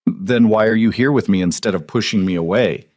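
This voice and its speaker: A man voicing an innocent, torn young woman in a soft, lifted, hesitant voice. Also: on the low side, brisk, no room sound, clean studio sound, natural voice. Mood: earnest.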